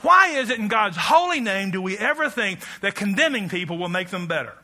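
A man's voice: sits high, expressive, brisk, pushed and bright. A middle-aged man preaching a sermon, emphatic and leading the congregation in call-and-response.

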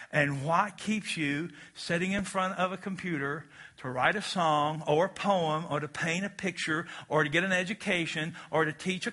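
A pastor with a high, sharp-toned voice preaches a sermon full of emphatic, repeated phrases and call-and-response. He ends by leading a closing prayer.

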